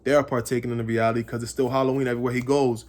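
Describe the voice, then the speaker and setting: A man's voice: mid-range voice, flat delivery, very fast, darkish tone. Rambling man recapping a TV episode. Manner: rambling, speculative, repeats phrases. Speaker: comics channel host. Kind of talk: casual episode recap and theorizing.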